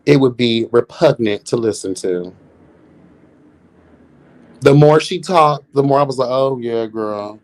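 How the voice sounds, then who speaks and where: A man's voice: medium pitch, a little slow, long pauses. A man with a mid-range voice hosts a live reality TV review stream. He roasts the cast in a sassy, profane way and keeps calling everyone "girl." He breaks into laughter between jabs. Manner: laughs often, animated roasting. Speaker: reality show commentator, host.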